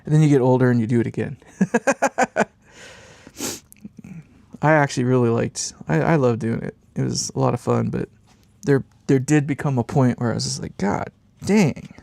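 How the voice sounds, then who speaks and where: A man's voice: medium pitch, moderate pace, gravelly, long pauses, a little mellow, no room sound. A man with congested sinuses chatting in a rambling, laid-back way while building an amp on a live stream, swearing casually and chuckling often.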